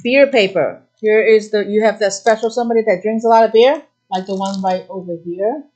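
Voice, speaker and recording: A middle-aged woman hosting a live craft-supply demo, explaining products in quick, chatty bursts with fillers. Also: medium pitch, darkish tone, dull audio. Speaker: craft shop host.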